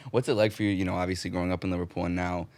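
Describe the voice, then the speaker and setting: A man's voice: low-pitched, flat delivery, fast talker, darkish tone, dry recording. A man hosting a casual interview, asking easygoing follow-up questions. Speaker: interviewer, host.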